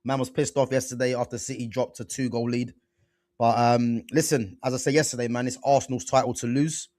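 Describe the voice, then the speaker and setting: On his casual football chat show, a young male host talks loosely in slang, sprinkling in plenty of "man" and "bro." He speaks briskly in a mid-range voice with a level, darkish tone, and there's no echo.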